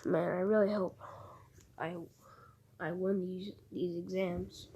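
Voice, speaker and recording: A woman voicing an excitable boy ninja who gushes and repeats himself, in a husky tone. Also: on the low side, slow. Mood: excited.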